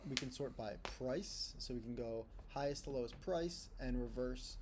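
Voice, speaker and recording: A man presenting a steady, explanatory walkthrough of an app's features. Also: medium pitch, normal speed, slight background noise. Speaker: tutorial presenter. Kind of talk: screen-recorded app walkthrough.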